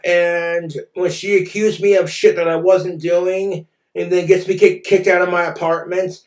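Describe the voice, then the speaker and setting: A man's voice: high voice, echoey room. A man ranting in a vlog monologue, aggrieved and profane. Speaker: vlogger.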